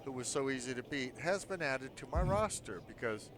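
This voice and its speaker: A man's voice: mid-range voice, animated, normal speed. A middle-aged man giving dry, sarcastic gameplay commentary as a gaming video host. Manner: dry, wisecracking. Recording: loud game crowd and noise behind.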